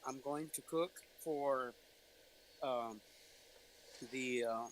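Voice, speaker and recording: A man's voice: medium pitch, very slow, slight background noise, rough recording. A man talking on a casual livestream, rambling and losing his train of thought.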